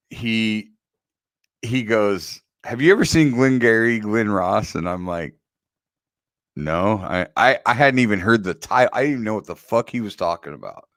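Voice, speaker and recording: A man's voice: on the low side, a bit bright, dry recording. A man in his forties co-hosting a podcast, telling candid, profane stories in casual chat. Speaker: podcast co-host.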